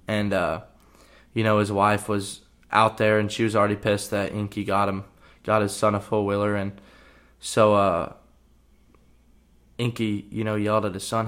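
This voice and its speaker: A young man, a college football player, telling a story on his podcast in a relaxed, rambling way, full of fillers. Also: lowish voice, moderate pace, long pauses. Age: young adult. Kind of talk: casual storytelling.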